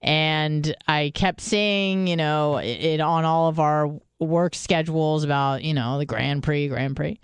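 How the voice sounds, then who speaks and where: A woman's voice: sits low, steady tone, unhurried, hardly any pauses, smooth, dry recording. A woman hosting a podcast, telling rambling, profane stories in casual chat. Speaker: podcast host.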